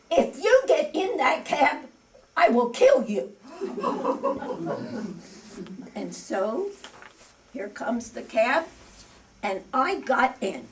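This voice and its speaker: An older woman performing a comic stage monologue as a cranky, easily enraged bag lady who rambles indignantly with sudden outbursts. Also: a little high. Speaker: amateur stage actor. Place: community stage before an audience. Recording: distant stage recording.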